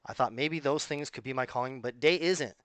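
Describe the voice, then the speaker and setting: A man's voice: medium pitch, a little fast, a bit bright, no room sound. Rambling, emphatic man vlogging. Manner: rambling and emphatic, with frequent restarts and asides. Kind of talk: casual rambling monologue.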